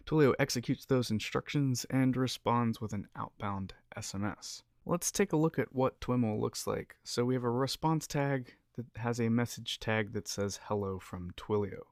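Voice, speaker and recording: A man's voice: mid-range voice, moderate pace, few pauses, darkish tone, dry recording. An upbeat man hosts a developer screencast and explains each step in a casual way. His voice sits in the middle range. The recording is dry and close. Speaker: developer tutorial presenter. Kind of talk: screencast walkthrough.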